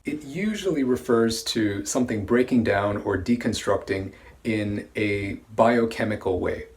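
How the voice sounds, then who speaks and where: Low-voiced man teaching pronunciation slowly. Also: a little mellow. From Brunei. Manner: slow, careful enunciation of words. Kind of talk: scripted vocabulary lesson.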